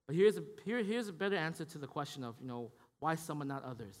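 Preaching to his church in a high voice, this pastor keeps the sermon loose and chatty, frequently asking "right?" and starting sentences over. He's expressive and quick, with a long reverb trailing behind.

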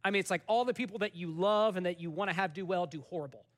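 A pastor with a high, light voice preaches a casual, animated sermon. He talks like he is chatting with friends, jumps up for punchlines and sinks to a hush for the serious parts. He sounds like a man in his thirties. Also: quick pace. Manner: conversational, animated storytelling with sudden soft drops.

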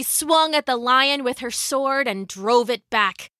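Slow bright storytelling woman. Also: sits high, lively intonation, no room sound, studio quality. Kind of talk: scripted children's story narration.

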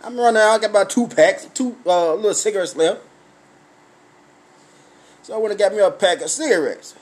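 Man, high voice, profane comic rant, loud and repetitive storytelling. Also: brisk. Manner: loud, repetitive, swearing storyteller who acts out confrontations.

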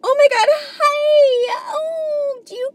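A woman's voice: very high-pitched, fairly even intonation, slow pace, a little hiss or hum, pitched above the performer's own voice. A woman putting on the voice of a gushing, self-important young tourist, squealing and breathless. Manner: over-cheery and self-important.

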